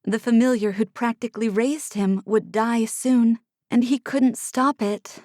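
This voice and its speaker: A woman narrating a first-person fantasy audiobook in a hushed manner, sometimes dropping to an unvoiced whisper, close to a studio mic. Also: a little high, fairly even intonation, measured pace, no room sound. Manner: hushed, drops to unvoiced whispers in tense passages.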